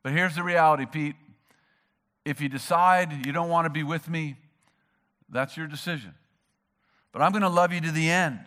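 A man delivers a sermon with a fairly high-pitched voice. He is animated, acts out the people he quotes and builds to emphatic peaks. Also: moderate pace, pauses often. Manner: animated preacher, acting out quoted figures, rising to emphatic peaks. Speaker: pastor.

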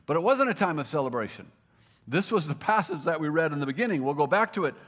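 A man preaching a sermon, moving between emphatic repetition and quiet, intense asides. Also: a little high, very animated, fast talker. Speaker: pastor.

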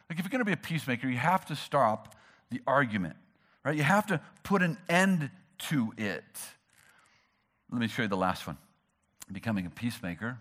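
A man preaching a sermon, animated and emphatic, acting out the people he quotes. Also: mid-range voice. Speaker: pastor.

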